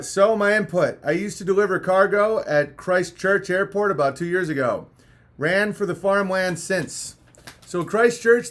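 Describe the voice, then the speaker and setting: Male streamer, slightly high voice, crude jokey rambling, tired after hours on air. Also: a bit bright. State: a little punch-drunk after hours of talking. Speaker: live-stream host. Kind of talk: casual live-stream chat, reading viewer messages.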